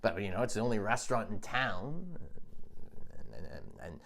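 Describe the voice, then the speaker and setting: A man hosting a comedy podcast, telling a rambling deadpan monologue in a halting, stammering way, full of restarts and "you know.". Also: fairly low pitch, gravelly. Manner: deadpan absurd storytelling.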